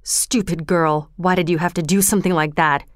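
A woman voicing a cold, ruthless adult male burglar who speaks in a low, slow, threatening way. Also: lively intonation, clean tone, no echo, natural voice. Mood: bitter.

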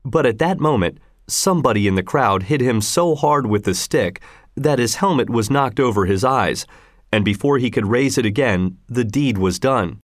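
A male narrator reads a story aloud with lively, expressive delivery. His pitch moves a lot, and the mid-range voice is recorded dry and close. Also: normal speed, no echo. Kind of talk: audiobook storytelling.

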